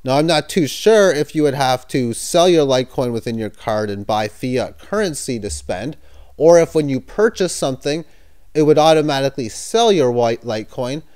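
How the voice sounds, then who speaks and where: A man offers casual screen-share commentary on cryptocurrency news, skeptical and at times sarcastic. He's hesitant, using fillers and correcting himself, and his mid-range voice is expressive, at normal speed, with a darkish tone.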